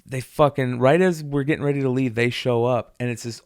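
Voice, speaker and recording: A man with a gravelly, creaky voice tells a long rambling story on a podcast. He swears constantly and acts out the people he quotes. The sound is dry and close to the mic. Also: mid-range voice, steady tone, a little fast, a little mellow, dry recording. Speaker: podcast co-host. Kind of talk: casual chat.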